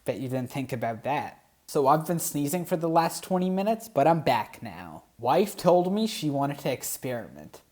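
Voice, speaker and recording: A man's voice: a little high, big pitch swings, normal speed, darkish tone. A man who comments on the online posts he reads aloud, with dry, sarcastic asides. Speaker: YouTube commentator.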